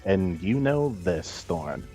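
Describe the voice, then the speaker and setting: A man narrating a tabletop game as game master in a measured, descriptive way. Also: sits low, very animated, dark tone, faint music behind.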